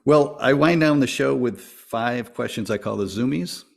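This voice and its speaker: A man's voice: medium pitch, normal speed, vocal fry. A man hosting a podcast, asking casual interview questions in an upbeat way and chuckling often. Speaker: podcast host.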